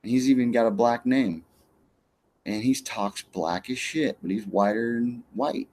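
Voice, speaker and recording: A man hosting a casual chat, rambling and hesitant, often trailing off quietly. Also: mid-range voice, measured pace. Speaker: podcast host.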